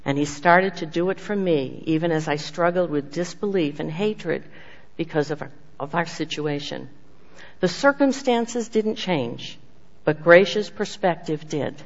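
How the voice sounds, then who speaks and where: An earnest speaker giving a sermon with personal testimony, swinging from emphatic lines to hushed ones. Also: mid-range voice, a little slow. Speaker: speaker giving a devotional message. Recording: dull lo-fi sound with long hall reverb.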